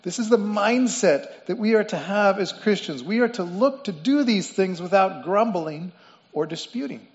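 Male preacher, high voice, emphatic repetition, dull lo-fi recording. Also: animated, moderate pace. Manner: explains word meanings, repeats phrases for emphasis. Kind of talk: sermon. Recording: dull lo-fi sound with long reverb in a hall.

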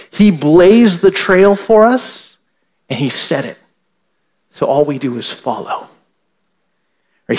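A man with a fairly high voice preaches to his congregation. He tags many points with a quick "right?" and says key lines twice. Now and then he raises his voice to act out an indignant listener. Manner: repeats "right?" to the congregation, emphatic restatements. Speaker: pastor. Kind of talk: sermon.

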